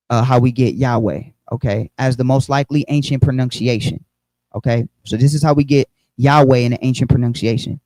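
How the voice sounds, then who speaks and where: A man teaches a Bible lesson on a livestream, explaining things step by step and frequently checking in with "okay?" and "right?" while using lots of fillers. His voice is mid-range and warm, and the recording is rough but has no echo.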